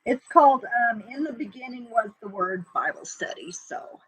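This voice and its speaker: A woman's voice: on the high side, animated, normal speed, fairly bright tone, breathy edge. A woman hosting a casual, faith-driven livestream, talking in a chatty, folksy, rambling way with lots of fillers. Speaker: livestream host.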